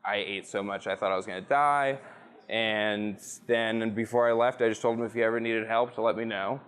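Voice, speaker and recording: A man's voice: fairly low pitch, steady tone, normal speed, fairly bright tone, smooth. A man guest on a podcast, chatting in a loose, profane, storytelling way, recorded in a rum bar. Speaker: guest, rum brand representative. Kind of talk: casual storytelling interview.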